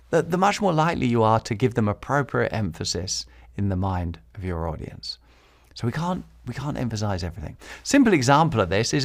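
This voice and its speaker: A man hosting a podcast and teaching public speaking, repeating key phrases for emphasis and chuckling between points. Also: mid-range voice. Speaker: podcast host.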